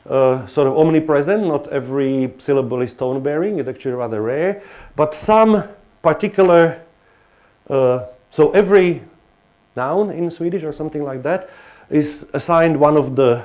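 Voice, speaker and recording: A man's voice: a little high, darkish tone. Hesitant male lecturer. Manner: hesitant, many restarts and fillers. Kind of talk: academic lecture.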